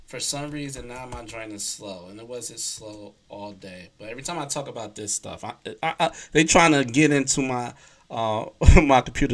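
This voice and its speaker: Man streaming from his desk, loose and rambling, circles back and repeats himself, mid-pitched voice. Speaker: livestreamer. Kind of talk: casual livestream chat. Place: at his computer, typing.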